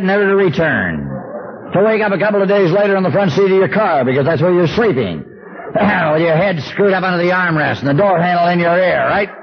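A man's voice: high voice, creaky. A middle-aged man telling a humorous recovery story, acting out the voices he quotes. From Southern California. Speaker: speaker at a recovery meeting. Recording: dull old lo-fi tape with faint hiss.

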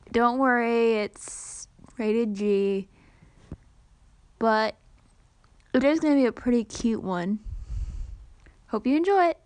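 Brief: woman narrator, steady storyteller reading her own story. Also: fairly high pitch, slow, pauses often, clear, resonant tone. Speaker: reader of her own fan fiction.

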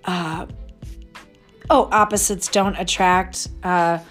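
A woman's voice: fairly low pitch, steady tone, slow, fairly bright tone, soft background music. A woman in her fifties, an astrologer hosting her own show, talking in a casual, digressive way with laughing asides. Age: 50s. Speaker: podcast host and astrologer. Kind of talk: casual rambling monologue.

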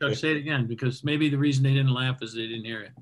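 A man's voice: mid-range voice, fairly even intonation, fast talker. A man hosting a comedy show, bantering with and teasing the comedians. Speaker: host. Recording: faint background noise.

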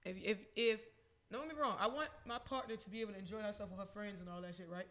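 A man's voice: high-pitched, fast talker, bright, forceful tone. A man co-hosting a podcast, ranting emphatically and swearing freely. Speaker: podcast co-host. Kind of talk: casual chat.

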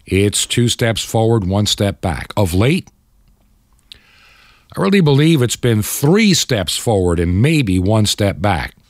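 A man's voice: fairly low pitch, very animated, slow, dry recording, studio quality. Impassioned older man preaching on radio. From United States. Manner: impassioned, preachy, mocks opponents in quoted voices. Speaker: radio talk show host. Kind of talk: Christian talk radio commentary.

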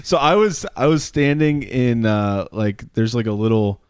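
A man co-hosting a casual comedy podcast, rambling and jokey, swearing freely and jumping into silly high voices. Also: animated, unhurried, darkish tone, clear, resonant tone, dry recording, clean studio sound. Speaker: podcast co-host.

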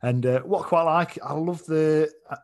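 A man's voice: on the high side, normal speed. A man co-hosting a podcast, chatting easily about a film and laughing along. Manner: laughing, easygoing, meandering. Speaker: podcast co-host. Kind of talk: casual film chat.

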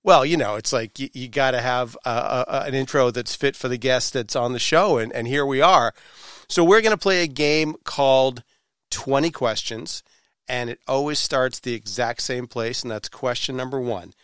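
A man's voice: mid-range voice, normal speed, a bit bright, clean tone, dry recording, studio quality. A man hosting a podcast interview, with a playful, showy way of building up his guest. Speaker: podcast host. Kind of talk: casual interview.

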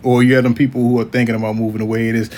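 A man's voice: medium pitch, level tone, very fast, a little mellow, a little hiss or hum. A man hosting a casual podcast chat, talking bluntly and profanely in a rambling way, with restarts and laughs. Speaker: podcast host.

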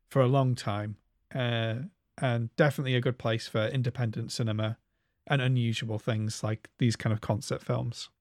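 A man's voice: mid-range voice, fairly bright tone, dry recording, studio quality. A young man co-hosting a podcast, speaking hesitantly and repeating words as he gathers his thoughts. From England. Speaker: podcast co-host. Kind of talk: casual review chat.

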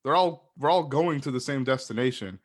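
A man's voice: medium pitch, brisk. A man talking in a casual podcast chat, passionate and rambling, swearing freely as he makes his point.

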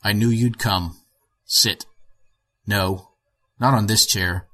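A man voicing a weary former physicist who speaks slowly and enunciates every word. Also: fairly low pitch, fairly even intonation, pushed and bright, husky, full character voice. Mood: subdued.

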